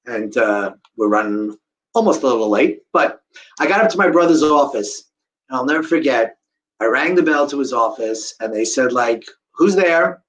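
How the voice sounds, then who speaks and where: A man's voice: medium pitch, expressive, normal speed, fairly bright tone, low-quality recording. A middle-aged man giving a live storytelling talk to an audience, acting out the voices of the people in his story. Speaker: guest speaker telling a survivor story.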